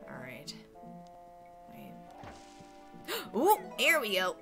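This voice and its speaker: Chatty, bright-voiced woman streamer. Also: lowish voice, huge pitch swings, extremely slow, soft background music. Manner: chatty, exclamatory, giggly. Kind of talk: casual game commentary.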